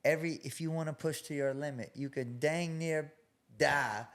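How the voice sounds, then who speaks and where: A man who fights and coaches at a gym, calmly explaining his training ideas as a guest on a podcast. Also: on the high side, moderate pace. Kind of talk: podcast interview.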